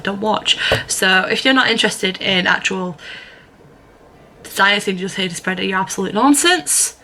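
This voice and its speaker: A young woman talks straight to the camera in a loose, chatty vlog. Her voice is bright and clear, and she rambles along with plenty of ums and self-corrections. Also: medium pitch. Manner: rambling, chatty, many fillers and restarts. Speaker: vlogger. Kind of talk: casual vlog chat.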